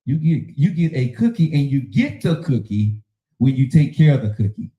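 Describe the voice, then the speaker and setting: A man's voice: mid-range voice, big pitch swings, moderate pace, warm tone, reverberant, muffled recording. A man hosting a casual relationship talk show, preaching in an emphatic, slangy way. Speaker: podcast host.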